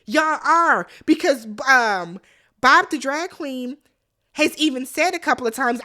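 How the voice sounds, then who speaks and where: A sassy woman recaps a reality show in casual talk, her voice high and bright. She jumps into quick asides and acts out the players' lines. Her delivery stays animated.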